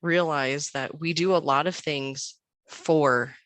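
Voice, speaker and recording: Taking her time, a woman in her thirties with a low voice shares family stories as a podcast guest. There's no room sound, and in this casual chat she animatedly acts out each bit of quoted dialogue.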